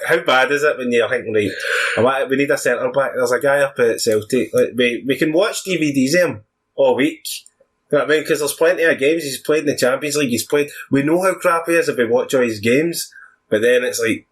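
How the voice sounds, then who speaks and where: A man's voice: medium pitch, breathy edge. A young Scottish man co-hosting a football podcast, chatting casually, swearing and laughing often between rambling thoughts. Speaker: podcast co-host.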